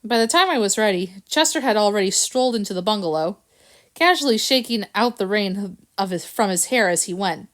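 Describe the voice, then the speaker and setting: Lively woman reading a storybook aloud. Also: medium pitch, fairly quick. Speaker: audiobook reader. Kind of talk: storybook narration with character voices.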